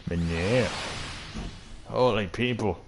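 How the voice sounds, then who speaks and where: A man's voice: fairly low pitch, slow pace. A young man casually commenting on a game he is playing, rambling, joking and swearing. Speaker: gaming streamer.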